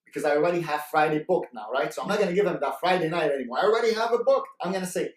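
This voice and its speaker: A man's voice: high voice, quick pace, few pauses. A man giving a sales training talk, coaching the listeners and repeating his key points while often checking in with "right?". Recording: roomy echo, mic far off.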